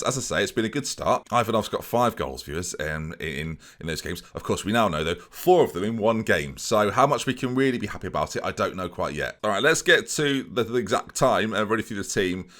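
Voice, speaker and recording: A man's voice: lowish voice, fairly bright tone. A young man giving casual, self-mocking commentary on a football management game, often talking to his viewers. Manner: chatty, self-mocking, keeps addressing viewers. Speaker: gaming YouTuber. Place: home room, alarm outside.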